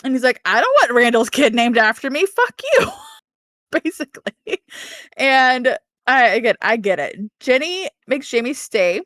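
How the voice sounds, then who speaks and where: A woman's voice: fairly high pitch, lively intonation, normal speed, fairly bright tone, no room sound, clean studio sound. A woman co-hosting a book podcast, casually recapping chapters, laughing often and acting out characters' lines. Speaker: podcast co-host.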